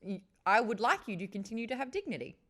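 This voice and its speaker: A woman's voice: a little high, sing-song, a bit bright. A woman co-hosting a podcast in casual banter, playful and teasing, breaking into bits of song and jokes. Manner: playful, teasing, quick to joke and sing. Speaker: podcast co-host.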